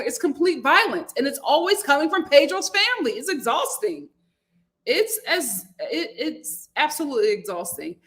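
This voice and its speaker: Chatty woman with a high voice. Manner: chatty and animated, jumps to high-pitched exclamations and acted quotes; reads viewer comments aloud. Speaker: host. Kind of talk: live reality-TV review chat. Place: home room, lit by a window.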